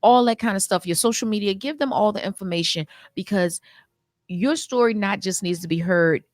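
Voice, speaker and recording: A woman's voice: medium pitch, normal speed, no echo. Dry, encouraging woman radio host. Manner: encouraging, preacherly. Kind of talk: faith-based radio interview.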